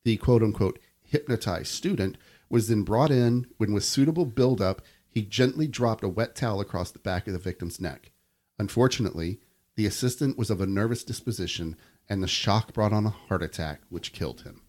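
A man's voice: fairly low pitch, a little fast, a little mellow. A man co-hosting a podcast, reading creepy stories aloud between casual chat and laughing easily.

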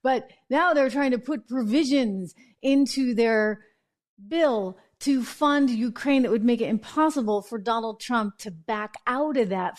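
A woman hosting a political commentary show, talking in a chatty, sarcastic way. Her voice sits a little high. She throws in quick asides and corrects herself mid-sentence as she goes.

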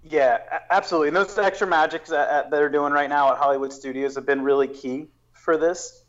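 A man's voice: fairly high pitch, steady tone, brisk, muffled recording. A man talking as a guest on a casual podcast, explaining his planning at length with frequent restarts and fillers.

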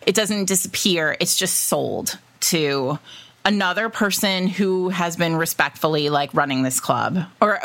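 A woman co-hosting a podcast, chatting casually about a romance novel, animated and laughing often as she acts out dialogue. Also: fairly low pitch. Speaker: podcast co-host. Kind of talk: casual book discussion.

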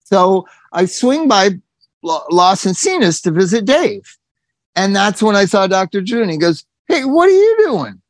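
Gravelly guy spinning stories, swears a lot, voice jumps all over, dry close sound. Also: high voice, unhurried, no room sound. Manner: animated, swearing, acts out quotes. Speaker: guest telling stories. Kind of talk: casual storytelling chat.

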